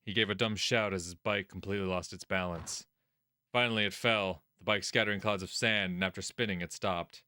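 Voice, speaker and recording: A man voicing a teenage boy who narrates his own tense inner thoughts in a slow, hushed, brooding visual novel reading. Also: low-pitched, fairly even intonation, clean tone, no echo, studio quality, voice pushed down. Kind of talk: visual novel read-aloud.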